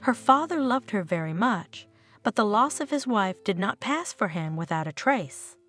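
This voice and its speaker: A woman reading a dramatic story as narrator, with soft guitar music playing under her. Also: medium pitch, animated, normal speed. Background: faint guitar music.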